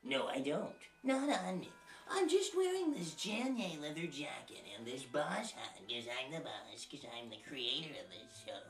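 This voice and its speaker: A woman's voice: low voice, very animated, normal speed. A woman hosting a homemade comedy show, rambling crudely and erratically in a put-on posh accent. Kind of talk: rambling improvised comedy monologue. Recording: echoey room, far from mic, loud music behind.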